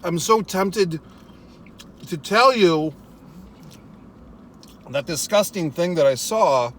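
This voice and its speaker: A man's voice: sits high, animated, slow, fairly bright tone, a little hiss or hum. A man ranting casually to his viewers while he eats, swearing often and talking in wry, rambling asides. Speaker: vlogger. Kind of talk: casual eating vlog rant. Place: in a car.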